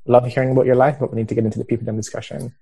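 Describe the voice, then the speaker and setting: Male podcast host, casual rambling banter, mid-pitched. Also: little pitch movement, rapid-fire, vocal fry, warm tone, slightly rough. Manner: chatty, rambling, teasing.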